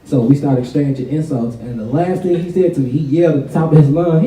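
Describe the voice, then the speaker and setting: A man's voice: fairly high pitch, fast talker, few pauses, muffled recording, a little hiss or hum. A young man from Canada doing a loose, conversational stand-up set in a large college hall, laughing at his own jokes. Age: young adult. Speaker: stand-up comedian. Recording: echoey hall, mic picked up from far off, loud crowd.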